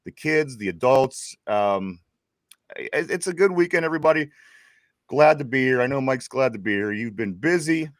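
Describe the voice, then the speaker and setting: A man's voice: mid-range voice, expressive, dry recording, studio quality. A man hosting a casual podcast chat, rambling and restarting his sentences. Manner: rambling, halting, with many restarts. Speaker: podcast host.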